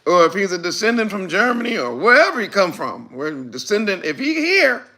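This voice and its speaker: A man preaching a fiery sermon, emphatic and repetitive, swinging between quiet remarks and shouted lines in loose, casual grammar. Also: high voice, sing-song, fairly quick.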